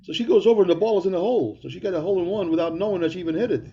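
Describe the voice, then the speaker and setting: A man's voice: high-pitched, racing, mellow, dull audio. A middle-aged man co-hosting a podcast, telling a rambling story in casual chat. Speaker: podcast co-host.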